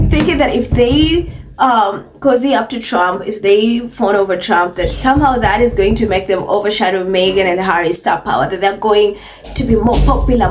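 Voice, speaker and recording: A woman's voice: a little high, distant mic. A woman hosting a celebrity gossip commentary, mocking in tone, repeating phrases for emphasis. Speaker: commentary channel host.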